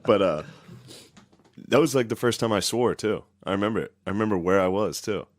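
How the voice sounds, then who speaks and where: A deep-voiced man co-hosting a podcast, recorded dry and close. He rambles through stories in a laid-back casual chat, swearing casually. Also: fairly quick, dry recording. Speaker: podcast co-host.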